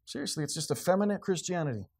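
Animated, fairly high-voiced male preacher. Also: rapid-fire, vocal fry. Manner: animated, acting out scenes, swinging from low to shouting. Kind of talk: sermon.

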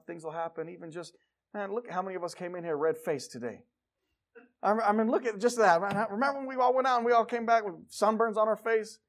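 High-voiced man preaching emphatically. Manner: emphatic, exhorting preaching with asides and stories. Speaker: pastor. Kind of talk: sermon. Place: church sanctuary.

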